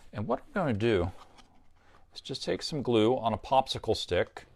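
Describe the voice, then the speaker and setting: Animated man hosting a kids' craft show. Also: on the low side, vocal fry. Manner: upbeat, chatty, explains step by step. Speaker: puppeteer and craft show host. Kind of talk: children's craft tutorial.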